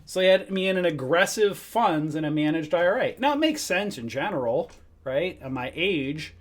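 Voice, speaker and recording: Casting: middle-aged male stream host, slightly high voice, fired-up profane rant with acted-out quotes. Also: lively intonation, normal speed. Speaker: trading show host. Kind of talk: casual livestream rant.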